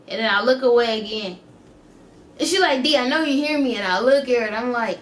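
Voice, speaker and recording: Animated young woman telling a story. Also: on the high side, brisk, slight background noise. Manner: animated, laughs often, slangy asides like bro. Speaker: vlogger. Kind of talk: casual storytelling.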